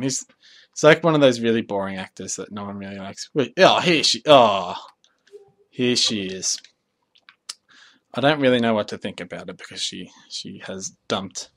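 A young man giving rambling, jokey commentary over his own gameplay, easily excited. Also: on the low side. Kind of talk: casual let's play commentary.

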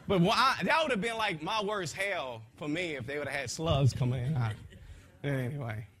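A man giving an impassioned spoken testimony to a gathering in a folksy, rambling way, his voice swinging from soft to loud. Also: a little high, animated, normal speed. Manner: folksy, rambling, with frequent restarts.

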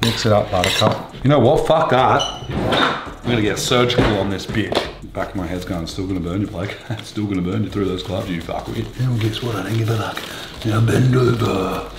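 A man's voice: lowish voice, echoey room. An Australian man hosting a casual cooking show, joking crudely and swearing constantly as he cooks in a kitchen. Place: home kitchen.

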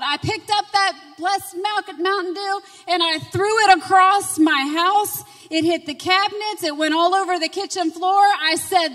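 High bright-voiced woman preaching in echoing hall. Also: steady tone, normal speed, hardly any pauses. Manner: emotional, swings from quiet storytelling to loud fervent preaching. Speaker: conference speaker. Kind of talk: personal testimony sermon. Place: church sanctuary. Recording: reverberant hall, distant mic.

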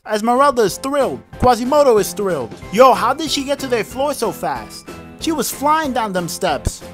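A man's voice: very high-pitched, sing-song, moderate pace, fairly bright tone, faint music behind. A man doing comedic play-by-play commentary over a film, joking and slangy. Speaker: comedic sports-style commentator.

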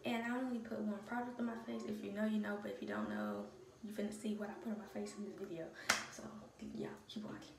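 A young woman vlogging casually at her bathroom sink, chatting straight to viewers and slipping between hushed and loud. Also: medium pitch, fast talker, noisy background. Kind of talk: casual get-ready-with-me vlog. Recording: echoey bathroom, far mic, running water.

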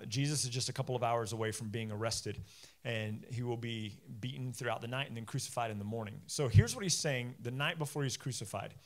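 A male pastor giving a conversational sermon, acting out Bible figures in casual modern speech and swinging between loud bursts and low, quiet stretches.

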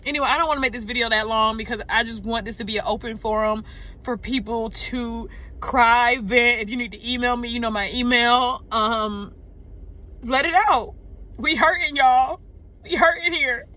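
A woman, venting unscripted to her viewers from a parked car. She is upset and shaken, sighing, halting and repeating words. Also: fairly high pitch, fairly even intonation, bright, forceful tone. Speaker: vlogger. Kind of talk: unscripted emotional vent to camera. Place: parked car in a parking lot.

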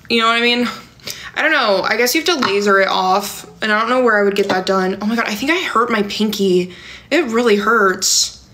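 A woman's voice: fairly high pitch, pushed and bright. A young woman chatting on a livestream, reading viewer comments aloud and answering them in a rambling way, with lots of "like" and "um". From California. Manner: rambling and filler-heavy, many "like" and "um". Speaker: livestream host.

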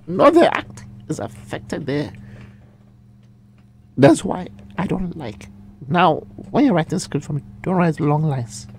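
A man with a breathy, breaking voice that often drops near a whisper, telling a story animatedly as a guest in a radio studio. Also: on the high side, measured pace, slight background noise. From Ghana. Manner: animated, emphatic, repeats himself. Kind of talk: casual radio interview, storytelling.

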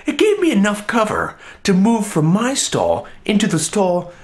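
Young male comic storyteller, high voice that swoops a lot, playing every beat up. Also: moderate pace. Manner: animated, exaggerated comic delivery. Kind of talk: comedic story monologue.

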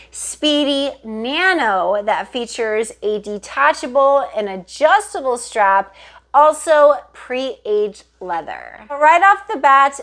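A woman's voice: on the high side, expressive, slow pace, fairly bright tone. A woman gushing enthusiastically as she reviews luxury handbags for her viewers, often saying "you guys". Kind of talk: casual product review vlog.

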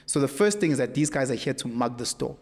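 A man with a South African accent, speaking as a podcast guest in an emphatic, animated storytelling way. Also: mid-range voice, fast talker. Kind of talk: casual conversation. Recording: echoey room with long reverb.

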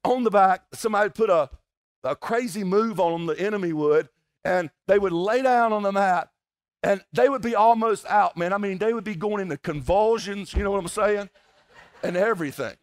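A pastor from South Georgia with a Southern US accent, preaching a folksy, conversational sermon at a church service, with playful asides to the congregation. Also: male voice, high-pitched, moderate pace. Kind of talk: sermon with prayer and personal storytelling.

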